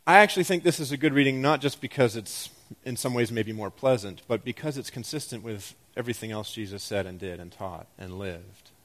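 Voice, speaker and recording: A male pastor delivering a sermon at a mid pitch. He talks in an animated, self-deprecating way, getting loud when he is excited and dropping low to stress a point. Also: a little fast.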